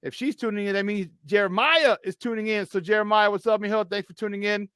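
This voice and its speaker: An animated sports radio host with a fairly high voice, clearly enjoying the banter. He laughs easily and gets fired up over the game. Close, dry studio sound. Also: fast talker, no echo. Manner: animated, laughing, hype-man energy. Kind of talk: casual sports talk.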